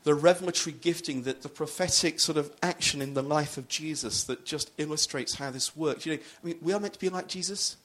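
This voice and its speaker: A man's voice: fairly high pitch, brisk, hardly any pauses, fairly bright tone. A man, a pastor, preaching a sermon in a loose, conversational storytelling way with frequent restarts.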